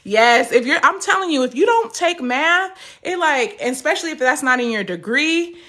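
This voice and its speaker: A woman's voice: sits high, expressive, normal speed, sharp tone. A young woman teaching a live math lesson, chatty and encouraging, stopping to answer viewer comments.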